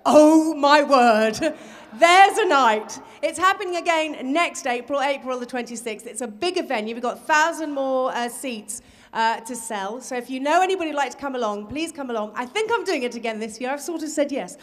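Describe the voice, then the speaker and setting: A woman's voice: high voice, animated, moderate pace. A woman hosting a live charity show, chatty and effusive as she introduces the next act. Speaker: host.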